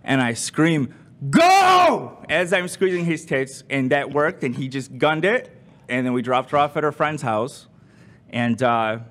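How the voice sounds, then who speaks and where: A man in casual chat with podcast crew members. He tells his story with animated energy, restarts and laughter. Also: mid-range voice, a little slow.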